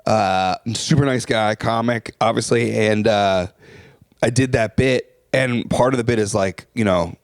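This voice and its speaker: A man's voice: lowish voice, a little slow, clear, resonant tone, no echo. Dry-joking comic man chatting. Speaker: stand-up comic and podcast co-host. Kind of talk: casual chat.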